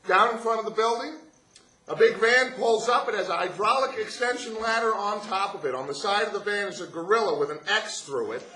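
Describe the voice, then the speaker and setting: A man with a high, bright voice tells a comic story, dry and chatty, stacking detail after detail. The sound is roomy, with an echo that hangs in the hall. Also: fairly quick, few pauses. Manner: chatty, builds up the joke with deadpan detail.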